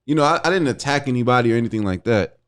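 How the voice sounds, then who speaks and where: Lively-pitched laid-back man co-hosting. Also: very fast. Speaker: co-host. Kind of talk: casual chat.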